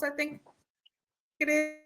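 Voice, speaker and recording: Music plays behind a woman whose high voice moves slowly as she hosts a podcast over an internet call. In this casual conversation she tells lively stories and acts out people's words.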